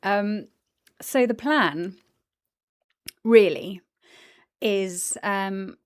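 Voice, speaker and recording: Woman streamer, slow unhurried chat, dry close mic, giggly. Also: mid-range voice, smooth, no room sound. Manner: chatty and giggly, greeting viewers. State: tired after the gym. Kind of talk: casual livestream chat.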